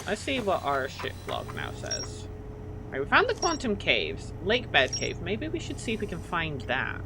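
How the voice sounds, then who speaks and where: A woman's voice: low-pitched, moderate pace, vocal fry. A woman streamer chatting casually as she plays, thinking aloud and getting flustered. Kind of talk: casual live gameplay commentary. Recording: steady background noise.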